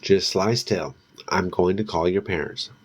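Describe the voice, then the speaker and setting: A flustered teenage boyfriend who fusses and urges his girlfriend to lie still, as a man reads him out from a storybook. The voice is low and slow, with an anxious push behind it. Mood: startled. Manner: anxious, urging.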